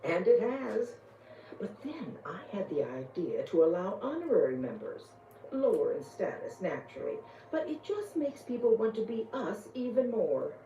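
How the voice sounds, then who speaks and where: Refined society lady, mellow dark tone, game audio from afar, faint hiss. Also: medium pitch, normal speed, reverberant, recorded from a distance, muffled recording. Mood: gracious. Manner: smooth, flattering, refined. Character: snobbish high-society club lady, gracious and proud.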